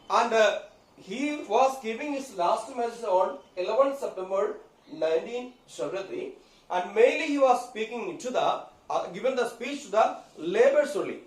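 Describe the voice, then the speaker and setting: Man, teacher, high voice, halting lecture with fillers, echoey room, distant mic. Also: expressive. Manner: halting, many fillers and okays. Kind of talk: classroom lecture.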